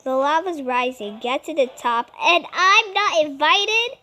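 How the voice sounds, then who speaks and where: A young woman commentating her gameplay aloud, excitable, squealing and giggling at every surprise and narrating each event as it happens. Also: sits high, unhurried, few pauses. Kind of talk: excited let's-play commentary.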